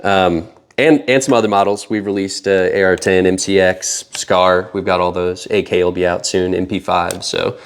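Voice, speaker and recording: Low-voiced man demoing a product. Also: moderate pace, few pauses. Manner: relaxed, explains while handling gear, many fillers. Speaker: company representative. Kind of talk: product demonstration.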